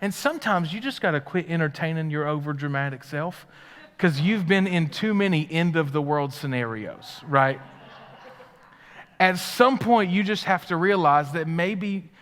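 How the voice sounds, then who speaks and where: A man preaching a live sermon as pastor. His delivery swings from loud, excited stretches down to hushed, quiet ones. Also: a little high, a little slow. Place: church sanctuary. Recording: live church hall with long reverb.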